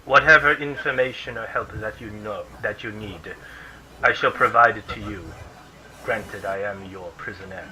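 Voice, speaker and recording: A man voicing a captive male doppelganger mercenary, speaking low, quiet and measured. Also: crowd noise, lightly acted, poor audio. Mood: submissive.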